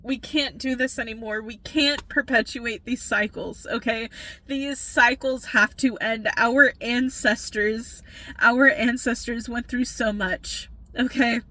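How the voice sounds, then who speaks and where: A tired woman delivers an earnest spiritual pep talk in an unhurried, deliberate way. Her voice is bright and sits a little high. She keeps checking in with "okay?" and lets a swear word slip for emphasis. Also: fairly even intonation. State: tired from working all night. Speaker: spiritual reader.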